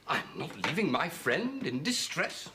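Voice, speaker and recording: An actor playing Tom, a wry, theatrical friend of the family, in 1970s TV sitcom acting. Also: male voice, on the high side, big pitch swings, unhurried. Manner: arch, teasing, theatrical. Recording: old TV soundtrack with light hiss.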